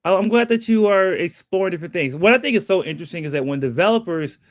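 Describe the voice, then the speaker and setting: A man's voice: high-pitched, animated, quick pace, no echo. A man co-hosting a casual developer live stream. He talks upbeat and greets viewers by name.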